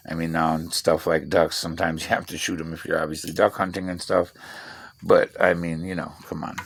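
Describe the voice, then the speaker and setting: A gravelly, low-voiced middle-aged man with a drawl, talking in a loose, rambling vlog monologue. He swears freely and tells things bluntly while he tinkers with tools. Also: a bit bright. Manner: profane, blunt storyteller; talks while working with tools. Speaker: vlogger.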